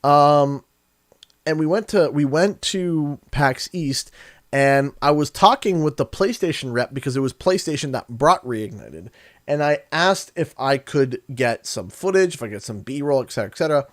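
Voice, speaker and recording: A man's voice: a little high, expressive, moderate pace. A young Canadian man chatting casually on a gaming livestream, telling friendly, rambling stories. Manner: rambling, friendly storyteller who acts out quotes. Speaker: gaming streamer.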